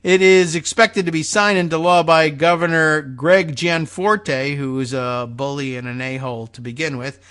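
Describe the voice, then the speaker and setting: A male podcast host giving political commentary in a sarcastic, rambling way. He keeps restarting his sentences as he works through a point. His voice sits slightly high for a man. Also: steady tone, moderate pace, hardly any pauses, a bit bright, clean tone. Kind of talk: political commentary talk show.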